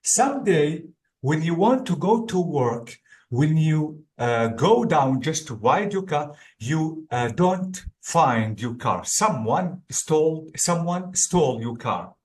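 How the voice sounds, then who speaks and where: A man's voice: on the high side, big pitch swings, slow. A male English exam tutor teaching one-on-one, explaining step by step and often checking in with "okay?".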